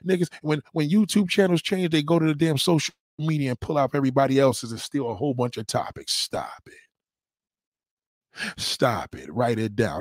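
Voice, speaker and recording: Blunt, profane male streamer with a slightly high voice, close and dry, preaching a slow repeated mantra. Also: no echo. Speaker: livestream host. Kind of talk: motivational livestream rant.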